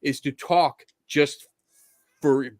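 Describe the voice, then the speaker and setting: A man's voice: a little high, fairly even intonation, drawn-out words, darkish tone, no echo, studio quality. Easygoing man telling stories. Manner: easygoing storyteller, acts out quoted exchanges. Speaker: podcast host. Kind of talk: casual conversational chat.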